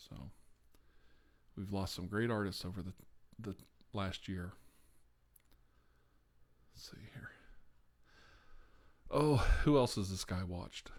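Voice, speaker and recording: A man hosting an ASMR live stream, rambling in casual chat with frequent laughs and sighs. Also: lowish voice.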